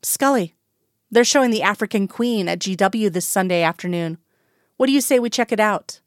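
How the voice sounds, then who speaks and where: A woman's voice: medium pitch, normal speed, dry recording, studio quality, close to an everyday voice. A woman reading a teasing, coaxing man. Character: playful, coaxing man, a work partner.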